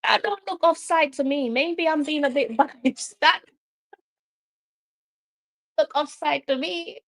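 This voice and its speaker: A Jamaican woman hosts a live football watch-along with a slightly high voice. She is excitable and quick to argue with the officials, and she repeats her protests over and over in a casual fan commentary style.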